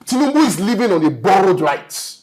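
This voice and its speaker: A man's voice: high voice, big pitch swings, a little fast, a little mellow. A man with a Nigerian accent debating as a studio guest, emphatic and lecturing, often asking "you understand?". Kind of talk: panel debate.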